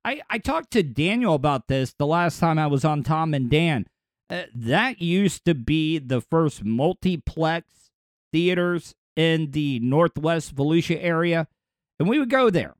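A man's voice: a little high, animated, unhurried, no room sound, studio quality. A man, chatting casually as a podcast host, rambling, repeating words and laughing easily. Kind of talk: casual chat.

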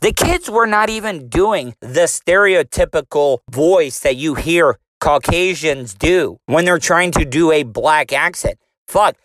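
A man's voice: on the high side, expressive, measured pace, hardly any pauses, fairly bright tone, no room sound. A man, formerly in radio, delivering a combative, profane rant full of rhetorical questions. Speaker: commentator, former radio host. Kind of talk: ranting commentary.

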